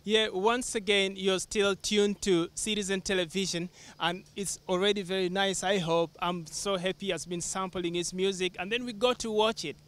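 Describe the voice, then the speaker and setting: A man hosting a television interview, speaking in a measured, formal way and giving station announcements. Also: sits high, fairly even intonation, a bit bright, clean tone. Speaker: television host. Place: television studio.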